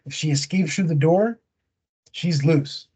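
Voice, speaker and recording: A man hosting a casual podcast, slangy and animated as he retells a movie plot. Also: a little high, measured pace, slightly rough. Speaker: podcast host.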